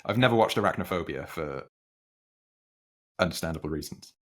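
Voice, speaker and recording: A man's voice: low-pitched, animated, fairly quick. A man in his twenties hosting a casual film chat, telling rambling stories and correcting himself. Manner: rambling, self-correcting storyteller. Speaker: film podcast host.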